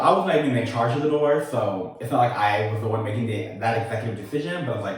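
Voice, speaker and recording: A man hosting a casual storytime, telling a personal tale in a sassy, animated way with laughing asides. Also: mid-range voice, quick pace, very echoey, distant mic. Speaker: storytelling host.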